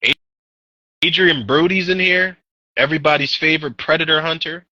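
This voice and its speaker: Man, podcast co-host, very bright voice, dull dry lo-fi sound, profane ranting, sore throat. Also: a little high, normal speed, no room sound. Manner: profane, ranting, animated movie talk. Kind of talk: casual chat.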